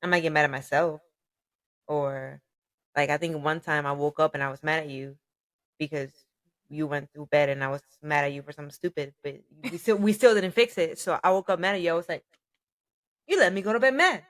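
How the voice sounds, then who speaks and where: A woman with a very low voice, chatting in a relaxed, soft-spoken way on a podcast. The sound is dry and close, with no room echo. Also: fairly quick. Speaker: podcast co-host. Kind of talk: casual chat.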